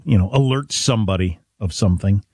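A man's voice: lowish voice, a little fast, warm tone, husky, no room sound, clean studio sound. A man co-hosting a talk radio show, chatting casually in a wry, rambling way with lots of fillers.

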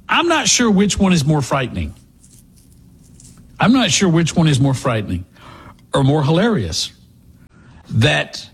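Sarcastic talk radio man, husky and lively. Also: fairly high pitch. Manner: sarcastic, mocking, puts on voices. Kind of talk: political talk radio monologue.

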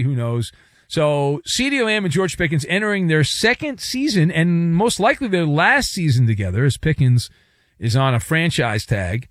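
A man's voice: no room sound, clean studio sound. A man hosting a sports talk radio show, riffing with sarcastic, playful commentary and jokes. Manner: lively, sarcastic, animated swings in pitch.

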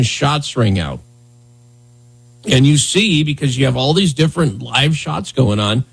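A man hosts a morning talk radio show from the studio, chatting loosely and mocking the news with a sarcastic, joking tone. His voice is somewhat husky, at an everyday pitch. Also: poor audio.

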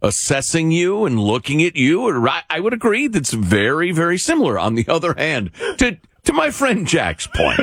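A man co-hosting talk radio with heavy sarcasm and slow, mocking emphasis. His fairly high voice swings widely in pitch. The sound is dry and close, with no room at all. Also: wildly swooping pitch, fairly bright tone, dry recording. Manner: mocking, wry, drawn-out emphasis. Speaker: radio talk show co-host.

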